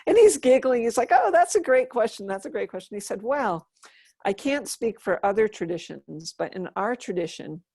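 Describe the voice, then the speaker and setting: A woman's voice: mid-range voice, no room sound. A woman in her fifties, a Buddhist nun, telling a personal story in an interview and acting out the dialogue. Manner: animated storyteller, acts out quoted dialogue.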